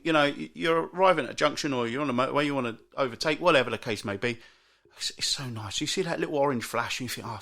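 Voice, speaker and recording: A British man hosting a solo podcast, grumbling in an exasperated rant with frequent restarts and big jumps in pitch. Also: vocal fry, fairly bright tone. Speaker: podcast host. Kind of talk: solo ranting monologue.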